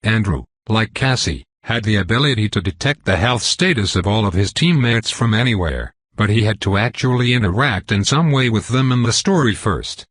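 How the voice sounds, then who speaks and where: Husky guy reading an audiobook, lowish voice, steady, dry sound. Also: normal speed, few pauses, no echo. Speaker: audiobook narrator. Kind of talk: first-person audiobook narration.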